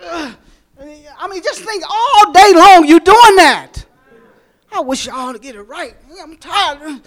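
A middle-aged man preaching a sermon as pastor, folksy and joking with the congregation, fervent and at times shouting. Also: very high-pitched, animated, takes it slowly.

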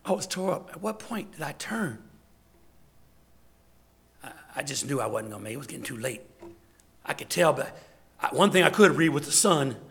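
Gravelly-voiced man preaching. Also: on the high side, sing-song, normal speed, long pauses, fairly bright tone. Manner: emphatic, repetitive, conversational preaching. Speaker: deacon. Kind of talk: sermon.

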